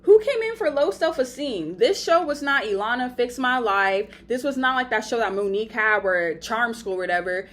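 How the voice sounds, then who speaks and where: A young woman giving a blunt, profane, animated recap of a reality show reunion. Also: fairly high pitch, moderate pace, hardly any pauses. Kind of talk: casual recap commentary.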